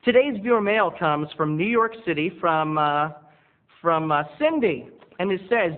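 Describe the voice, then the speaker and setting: With lively intonation and a moderate pace, a video blogger rambles self-mockingly to the camera in his bedroom studio. His somewhat high voice comes through thin and tinny, as if over a phone line, in this confessional monologue.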